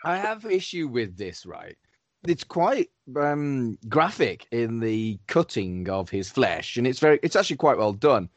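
A man's voice: mid-range voice, big pitch swings, measured pace, no echo. A man co-hosting a podcast, blunt and grumbling in casual banter. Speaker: podcast co-host.

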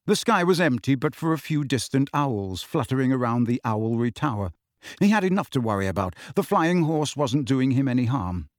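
A man giving steady, even storybook narration as an audiobook reader. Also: medium pitch, moderate pace, dry recording, clean studio sound.

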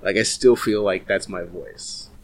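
A man's voice: low voice, fairly even intonation, measured pace. A man co-hosting a casual podcast, laughing often and swearing freely. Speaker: podcast co-host.

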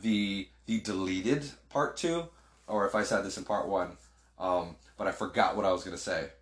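A man's voice: deep voice, moderate pace, noisy background. A man co-hosting a casual movie chat, acting out scenes with sound effects. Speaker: podcast co-host. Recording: echoey room.

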